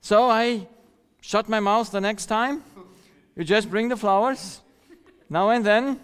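A middle-aged male preacher tells a story from his own life at an unhurried pace. His voice sits fairly high for a man and sounds smooth and clear. The sound carries a long reverb, as in a large hall. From rural countryside. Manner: storytelling, acts out quoted voices, laughs often. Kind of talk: sermon.

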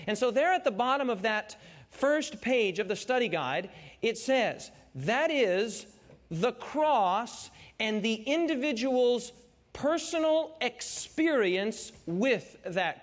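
A man preaching a Bible study sermon, prompting his congregation to call out answers and repeating key phrases for emphasis. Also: very high-pitched.

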